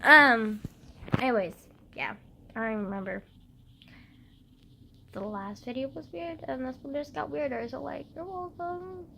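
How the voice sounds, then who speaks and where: A woman's voice: high-pitched, normal speed, vocal fry, pauses often, pushed and bright, slight background noise. A woman vlogging, telling stories in a rambling, giggly way, full of "like" and fillers. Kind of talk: casual storytelling to camera.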